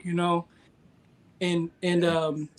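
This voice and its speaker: A man's voice: a little high, little pitch movement. Earnest man talking about motivation. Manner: earnest, motivational, halting with many fillers. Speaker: guest. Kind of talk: casual chat.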